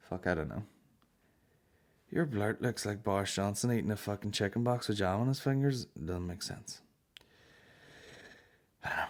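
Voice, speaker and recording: A young man hosting a comedy podcast, telling stories in a sweary, sarcastic way. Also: fairly low pitch. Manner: sweary, sarcastic, acts out voices. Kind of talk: casual storytelling chat.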